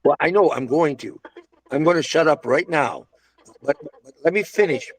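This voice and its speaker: A man's voice: fairly high pitch, lively intonation, normal speed. An older man reminiscing casually about his restaurant days, a rambling storyteller full of restarts and asides. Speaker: interviewee recalling restaurant days.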